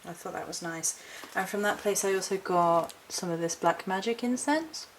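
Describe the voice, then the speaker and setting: A woman's voice: medium pitch, normal speed, a little hiss or hum, low-quality recording. A woman chatting casually through a haul vlog, rambling and correcting herself as she goes. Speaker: witchcraft vlogger.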